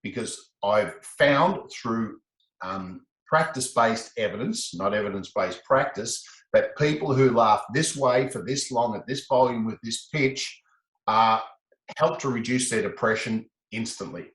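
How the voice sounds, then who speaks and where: A man, a laughter specialist being interviewed, telling stories in an animated way and acting out the voices in quoted exchanges. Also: a little slow, roomy sound, low-quality recording. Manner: expressive, acts out quoted exchanges with rising pitch. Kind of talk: animated conversational storytelling.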